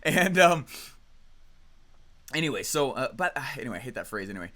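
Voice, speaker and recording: A man in his thirties telling a story in a high-energy motivational training talk, often checking in with "right?" and "okay?". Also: sing-song, brisk, a bit bright. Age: 30s.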